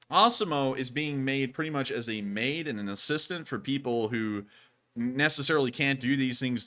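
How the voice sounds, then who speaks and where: A man hosting a live news stream, talking casually and mocking critics. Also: mid-range voice. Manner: animated, mocks critics in a raised voice. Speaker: host of a war news stream.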